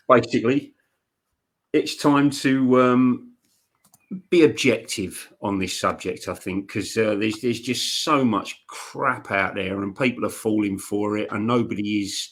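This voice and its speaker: A man's voice: mid-range voice, fairly bright tone. A man co-hosting a paranormal live stream, chatting bluntly and informally with many fillers and restarts. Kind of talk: casual chat.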